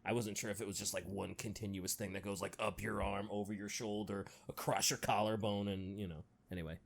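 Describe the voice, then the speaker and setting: A man's voice: on the low side, level tone, a little fast, creaky, slight background noise. A man co-hosting a casual chat, reacting to his friend with sarcastic, swearing remarks. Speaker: podcast co-host.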